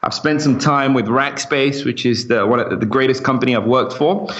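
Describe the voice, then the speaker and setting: British male guest with a slight American lilt, talkative and quick to laugh. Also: mid-range voice, fairly bright tone, muffled recording. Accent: British with slight American twang. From England. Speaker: guest, company CEO. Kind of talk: casual interview chat.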